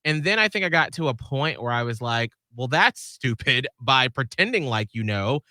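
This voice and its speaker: A man's voice: mid-range voice, animated, moderate pace, sharp tone, no echo, clean studio sound. A man co-hosting a radio show, chatting casually and reflecting on his own experience. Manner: supportive listener, adds short remarks and reflects on his own experience. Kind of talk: casual chat.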